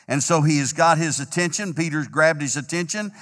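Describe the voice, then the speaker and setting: A man preaching an emphatic, repetitive sermon as pastor, a little hoarse. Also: on the high side, a little fast, few pauses, fairly bright tone, big-room sound. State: slightly hoarse, clearing throat.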